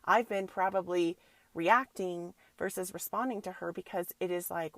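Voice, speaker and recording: A woman's voice: fairly low pitch, normal speed, gravelly, no echo. A woman in her thirties hosting a spiritual self-help podcast, chatting freely with many filler likes and calling her listeners soul sisters. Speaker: podcast host, yoga teacher.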